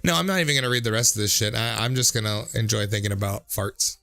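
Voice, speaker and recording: A man's voice: lowish voice, fast talker, gravelly, bright, forceful tone, faint music behind. A man in his thirties, a streamer reading out viewer comments in a casual, jokey way, swearing freely and often laughing.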